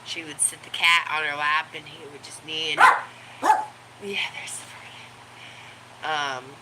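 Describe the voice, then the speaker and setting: Woman rambling slow to the camera, lowish voice, lots of ums, noisy home recording. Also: flat delivery. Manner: rambling, with many ums and laughs; high baby talk to her pets. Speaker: vlogger. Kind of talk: casual chat to camera. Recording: home recording with clear background noise.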